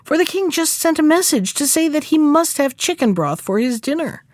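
A woman's voice: high-pitched, expressive, moderate pace, no echo, clean studio sound, voice pushed up. A woman voicing the king's cook from a storybook, a man who exclaims eagerly. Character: eager male palace cook.

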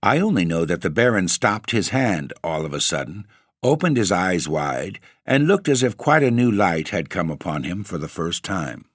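A man narrating a classic ghost story in a theatrical, measured reading. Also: deep voice, very animated, dry recording, studio quality.

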